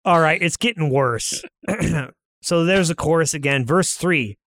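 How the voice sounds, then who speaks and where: A man's voice: on the high side, a little slow, a bit bright, no room sound, clean studio sound. A man co-hosting a casual chat, reading song lyrics aloud and joking about them. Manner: reads lyrics aloud, jokey. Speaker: podcast co-host.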